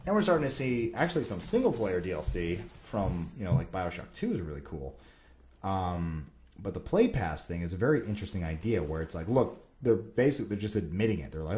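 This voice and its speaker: A man's voice: sits low, big pitch swings, fairly quick, a little mellow. A man hosting a casual Q&A, answering viewer questions in a rambling, enthusiastic way with lots of fillers. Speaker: Q&A show host. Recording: roomy echo.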